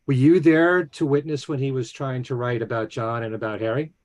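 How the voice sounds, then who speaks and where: A man's voice: medium pitch, steady tone, brisk, darkish tone. A man co-hosting a podcast, summing up a story and then asking the guest a question. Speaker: podcast co-host. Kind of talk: interview questions. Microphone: video call.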